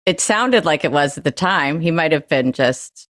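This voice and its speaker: A woman's voice: deep voice, expressive, normal speed, fairly bright tone, no echo. A woman guest on a casual podcast, chatty and rambling as she tells stories from home over a video call. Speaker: guest, former sketch comedy writer. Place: at home with her dog.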